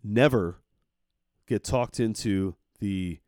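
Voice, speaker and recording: A man's voice: fairly low pitch, slow pace, darkish tone, no echo, clean studio sound. A man co-hosting a casual podcast, ranting with heavy swearing. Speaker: podcast co-host. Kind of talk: casual chat.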